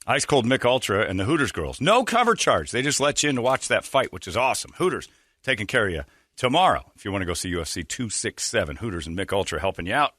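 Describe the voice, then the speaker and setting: Lively, bright-voiced male radio host. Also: on the low side, quick pace, no echo. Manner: joking, irreverent, laughs at his own stories. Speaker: radio morning show host. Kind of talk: casual morning radio banter. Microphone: studio broadcast mic.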